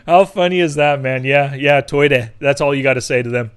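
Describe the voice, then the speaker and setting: A man co-hosting a casual movie podcast, trading quick jokes and quips. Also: mid-range voice, clean tone, no echo. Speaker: podcast co-host.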